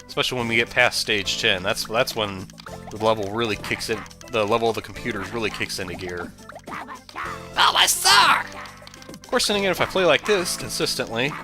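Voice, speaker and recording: A man giving casual, rambling let's play commentary that drifts into tangents. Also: medium pitch. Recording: game music behind the voice.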